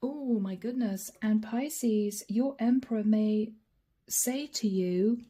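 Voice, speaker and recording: A woman giving a channeled tarot reading in a hoarse, raspy voice that is fading, speaking softly with whispered asides. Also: medium pitch, slow. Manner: soft-spoken with whispered asides. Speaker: tarot card reader.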